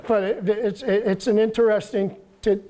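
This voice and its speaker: A man in his seventies with a soft voice, telling stories in a halting, casual way as a guest author. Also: high-pitched, fairly even intonation, noisy background. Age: 70s. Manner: halting, repeats words, chuckles through stories. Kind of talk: casual storytelling talk.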